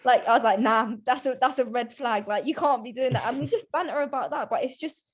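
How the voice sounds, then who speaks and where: A woman's voice: a little high, fairly quick. A young woman, chatting casually as a podcast guest, full of restarts and "like" fillers. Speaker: guest, women's football presenter.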